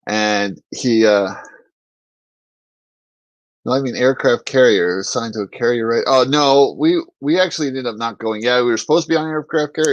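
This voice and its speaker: A man's voice: medium pitch, dry recording, dull audio. A man, a former Marine infantryman, hosting a podcast and telling stories in a casual, profane way, laughing often. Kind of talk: casual storytelling chat.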